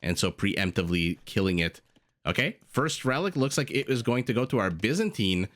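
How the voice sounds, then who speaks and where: A married man casting a strategy video game match as a commentator, lively and jokey, with rambling asides and sudden gasps. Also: on the low side, normal speed. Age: adult, married with a young child. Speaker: game caster. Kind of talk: esports commentary.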